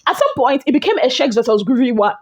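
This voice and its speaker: A woman with a Nigerian accent, a gossip vlogger giving a dramatic, animated recap of a reality show and acting out the quotes. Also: high-pitched, fast talker, muffled recording.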